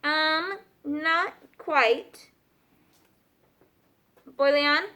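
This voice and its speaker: This woman teacher speaks extremely slowly in a high, bright, forceful voice while leading a grammar review in class. Patiently, she keeps asking "okay?" and "right?" to confirm students follow.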